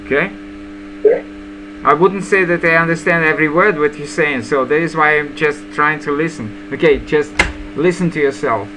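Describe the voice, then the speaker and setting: A man's voice: fairly high pitch, normal speed. A man teaching English, patiently explaining vocabulary to his students with frequent fillers. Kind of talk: online lesson explaining vocabulary. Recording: mains hum and background noise.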